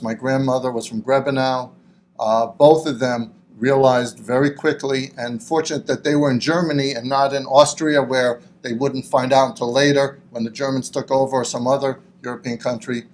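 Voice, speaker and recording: A man's voice: medium pitch, a little mellow, a little hiss or hum. Reflective man recounting family history. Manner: reflective, halting with frequent fillers. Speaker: interviewee. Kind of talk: oral history interview.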